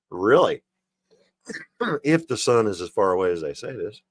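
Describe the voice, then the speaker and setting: Man, livestream host, reads jokes and remarks on them, lowish voice, dry close sound. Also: sing-song, slow, no echo. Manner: reads jokes then chuckles and comments on them. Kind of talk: reading jokes aloud on a livestream.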